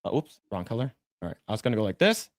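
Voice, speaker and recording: Talking very fast with big pitch swings in a fairly low voice, this podcast co-host draws on stream while chatting casually. He rambles, repeats himself and swears freely when something annoys him; the studio sound is clean, with no room sound.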